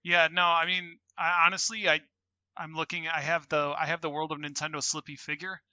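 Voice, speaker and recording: Bright-voiced male podcast co-host. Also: a little high, level tone, dry recording. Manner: earnest, halting, explains with restarts. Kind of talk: casual chat.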